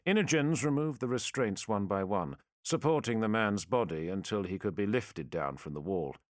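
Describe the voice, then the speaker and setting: A man reading a sci-fi war story aloud as audiobook narrator, measured and dramatic. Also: lowish voice, lively intonation, no room sound, clean studio sound.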